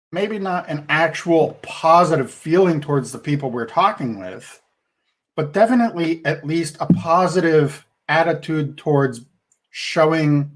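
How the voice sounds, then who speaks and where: A middle-aged man co-hosting a podcast, talking things through in a thoughtful, rambling way with restarts. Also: fairly high pitch. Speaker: podcast co-host. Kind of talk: casual podcast discussion.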